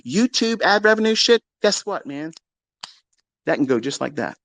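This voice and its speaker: A man hosting a live audio space, ranting in a profane, combative, boastful way and swinging between low mutters and shouts. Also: big pitch swings, measured pace, pauses often, dry recording.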